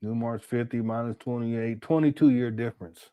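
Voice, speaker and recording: A man's voice: mid-range voice, fairly even intonation, a little fast, smooth, phone-quality sound. A man in his late forties hosting a casual reaction commentary, mocking and laughing as he talks. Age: 40s. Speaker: commentary host.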